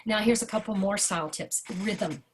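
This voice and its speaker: A woman teaching a jazz singing lesson over a video call, chatty and animated, breaking into sung rhythm syllables to demonstrate. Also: mid-range voice, moderate pace, slight background noise. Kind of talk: online workshop lesson.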